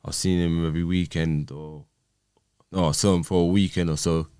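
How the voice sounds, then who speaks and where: Deep-voiced man. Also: a little fast, clear, resonant tone, no echo, clean studio sound. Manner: animated, acts out quoted exchanges. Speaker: podcast guest. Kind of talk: casual storytelling.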